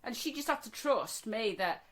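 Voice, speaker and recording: Bright-voiced woman swapping stories, swearing freely. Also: fairly high pitch, animated, normal speed. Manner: chatty, swears freely, laughs through stories. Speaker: podcast co-host. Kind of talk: casual chat.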